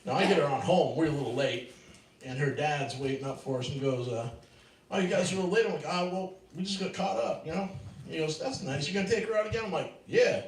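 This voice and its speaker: A man's voice: fairly high pitch, quick pace. A middle-aged man doing a loose, laughing stand-up set at an open mic, then chatting with the host. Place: small open mic venue. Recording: roomy, distant mic with faint noise.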